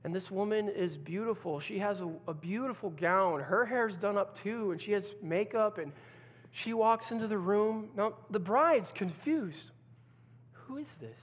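A man preaching a sermon as pastor, dramatic, swinging from loud outbursts to hushed near-whispers as he acts out quoted voices. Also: high-pitched, normal speed. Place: church sanctuary. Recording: long hall reverb.

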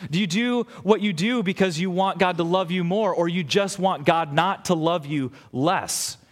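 A man's voice: high voice, normal speed. A man preaching a sermon as pastor, emphatic and firing rhetorical questions at the listeners. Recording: long hall reverb.

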